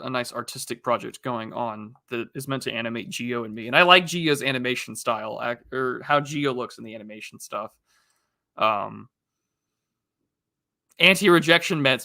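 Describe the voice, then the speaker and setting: A man's voice: medium pitch, pushed and bright, dry recording, studio quality. A man hosting a casual livestream, rambling through topics with many fillers and restarts while answering chat. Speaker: livestream host.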